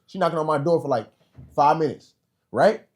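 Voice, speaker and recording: A man's voice: on the high side, moderate pace. A young man telling a story in casual chat on a podcast, acting out the other people in it. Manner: animated storyteller, acts out other voices. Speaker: podcast guest.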